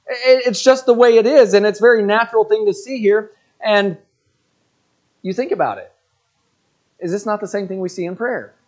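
A man in his forties preaching in a church, conversational and joking, with frequent restarts and asides to the congregation. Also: high-pitched. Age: 40s. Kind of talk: sermon.

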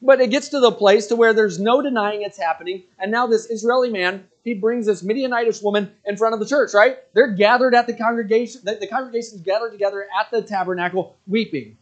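A man with a high voice preaches to his congregation in a church. His delivery is animated and climbs into indignant, rhetorical outbursts before settling back into steady exposition. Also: quick pace, hardly any pauses, dull audio. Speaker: pastor. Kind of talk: sermon. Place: church sanctuary.

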